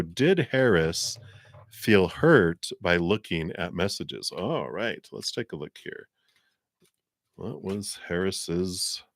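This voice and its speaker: A man's voice: sits low, a bit bright. A man giving a live tarot and astrology reading in a rambling, conversational way with many fillers. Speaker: tarot reader.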